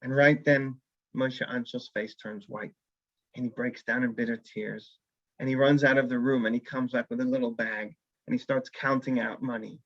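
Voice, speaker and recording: A man's voice: mid-range voice, normal speed, no room sound, muffled recording. A man teaching a weekly Torah class as a rabbi, telling a story and acting out the characters' lines. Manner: animated storyteller who acts out characters' lines.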